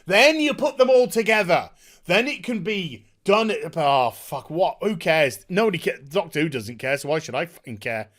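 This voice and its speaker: A man's voice: fairly high pitch, expressive, normal speed, a bit bright. A man ranting sarcastically in a review vlog, exasperated and swearing a lot. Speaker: TV episode reviewer.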